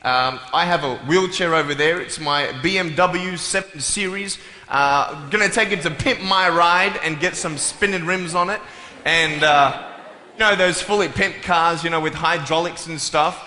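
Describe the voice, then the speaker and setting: A man's voice: a little high, sharp tone, a little hiss or hum. A man giving a humorous, playful talk to a live audience, joking and chatting with them. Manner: playful and jokey, with quick asides. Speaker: motivational speaker. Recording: echoey hall with faint room ambience.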